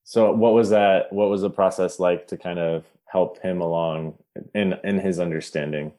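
Deep-voiced man hosting a podcast. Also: moderate pace. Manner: relaxed, rambling, restarts his sentences. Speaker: podcast host. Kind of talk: casual interview chat.

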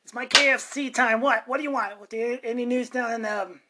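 A woman voicing a grumpy, short-tempered old boss who barks and shouts. She pitches her voice up and speaks louder than her normal talk. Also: steady tone, brisk, heavy background noise, lightly acted. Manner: barking, impatient, shouting.

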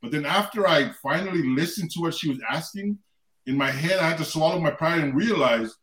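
A man's voice: a little high, fairly quick, fairly bright tone. A man in a casual chat, telling a story with animation and acting out both sides. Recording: echoey room with a crowd behind.

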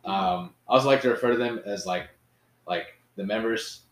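Man, low voice, hesitant, halting phrases, echoey room. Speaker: podcast co-host. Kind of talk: casual chat. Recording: roomy echo.

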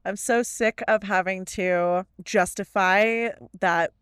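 A woman's voice: medium pitch, steady tone, slow pace, a bit bright, clear, resonant tone, no room sound, clean studio sound. A young woman co-hosting a podcast, telling work stories in casual, profane chat. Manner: profane, storytelling, laughs often. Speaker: podcast co-host.

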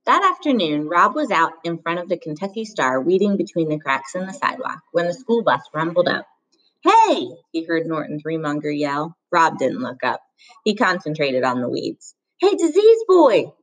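A woman reading a children's novel aloud in measured, steady audiobook narration. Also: low voice, rough recording. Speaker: reader.

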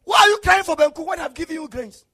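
A male preacher delivering an impassioned sermon, swinging between shouted declarations and low murmurs. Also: expressive, quick pace.

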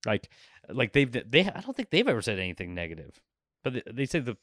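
A man hosts a casual podcast chat, rambling and joking through his stories with plenty of fillers. His pitch swings widely as he talks, and the room sounds dry and close. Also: brisk, no room sound. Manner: rambling, animated, jokey. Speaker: podcast host.

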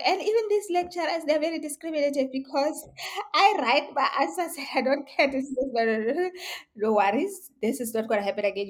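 A middle-aged woman speaks as an interview guest and tells her life story. She is animated and expressive, often breaking into laughter as she talks. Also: fairly high pitch. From South Africa. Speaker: interview guest, tech education founder.

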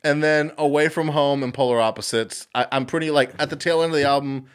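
A man's voice: fairly high pitch, fairly even intonation, quick pace, clean tone. Rambling young man, casual podcast chat. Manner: rambling, swears freely, does mocking impressions. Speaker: podcast co-host.

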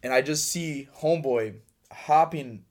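A man's voice: medium pitch, unhurried, a little mellow. A young man co-hosting a podcast, telling a story in a rambling, profane way with many fillers and acted-out dialogue. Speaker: podcast co-host. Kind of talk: casual storytelling.

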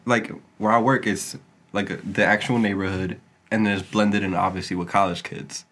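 A man's voice: on the low side, fairly even intonation, normal speed, a bit bright. A young man telling stories in casual chat, loose and profane, often acting out quotes in a raised voice.

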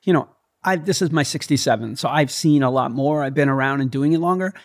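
A man's voice: medium pitch, brisk. A middle-aged man hosting a casual interview, enthusiastic and loose, with lots of fillers and the odd swear. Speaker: podcast host.

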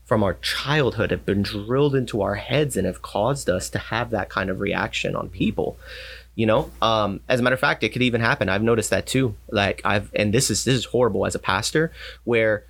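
Low-voiced man, pastor telling stories. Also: a little fast, creaky, a bit bright, husky. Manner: storytelling, acts out quoted voices. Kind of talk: casual faith talk.

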